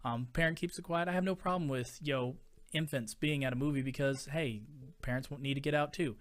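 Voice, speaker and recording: A man's voice: on the high side, fairly bright tone. A man in his thirties, a podcast host, ranting casually in an emphatic, exasperated way, with many fillers. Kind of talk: casual opinion rant.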